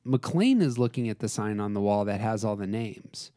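A man hosting a casual film talk show, animated, acting out scenes as he retells them. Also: on the low side, normal speed, no echo, studio quality. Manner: animated, acts out scenes with voices. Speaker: podcast host.

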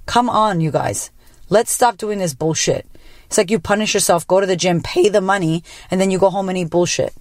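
A woman podcast host talks bluntly and swears freely, telling her story in an animated way. Her voice sits at a middle pitch. The recording is dry and close, with no room sound. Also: brisk, no room sound. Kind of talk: casual personal monologue.

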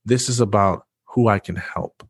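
Deep-voiced man telling his story. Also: moderate pace, husky, dry recording, studio quality. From Michigan. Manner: earnest storytelling with restarts. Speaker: guest speaker. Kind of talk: personal testimony in conversation.

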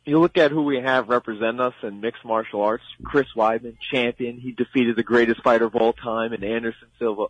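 Talking briskly with hardly any pauses, this Long Island–accented fight analyst, a guest on sports radio, offers forceful, opinionated predictions and keeps saying "I believe." His mid-range voice carries no echo, though the audio has a dull lo-fi radio quality.

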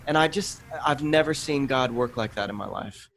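Earnest man in his thirties, animated. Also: medium pitch, moderate pace, creaky, slight background noise. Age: 30s. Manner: earnest, animated storytelling with quoted asides. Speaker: podcast guest, author. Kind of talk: conversational interview.

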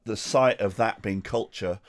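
A man in casual podcast chat, lively and sweary, laughing often and doing mocking impressions. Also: fairly low pitch, measured pace. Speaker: podcast co-host.

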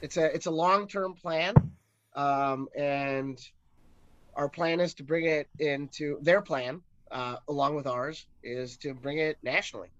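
A man appearing as a brewery co-founder guest in a casual interview, speaking hesitantly with many pauses and restarts. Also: fairly high pitch, fairly even intonation, fairly bright tone. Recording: dull, dry lo-fi sound.

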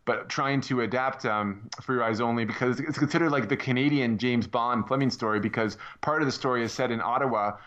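A man chatting casually as a podcast guest, halting and restarting his sentences. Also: mid-range voice, fairly bright tone. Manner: halting, many restarts and fillers. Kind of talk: casual chat. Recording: dull lo-fi audio.

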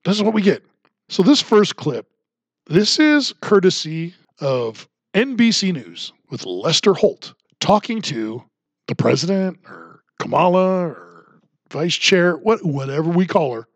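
A man's voice: high-pitched, sing-song, a little slow, dry recording. A man hosting a political commentary podcast, ranting in a sarcastic tone. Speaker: podcast host.

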